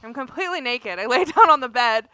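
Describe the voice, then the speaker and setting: A woman's voice: high voice, fast, dry recording, studio quality. A woman co-hosting a podcast, telling a story in casual chat with lots of laughter. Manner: animated storyteller, laughs often. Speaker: podcast co-host.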